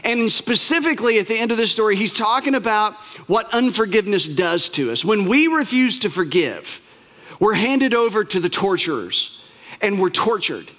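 A male pastor tells a parable in a fairly high voice, stacking repeated phrases for emphasis. He slows right down on the words that matter. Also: very animated, fairly bright tone. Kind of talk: sermon storytelling.

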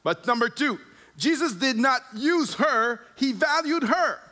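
A man preaching a sermon, emphatic and repeating phrases for effect, dropping to a soft low voice when he leads prayer. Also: animated, unhurried.

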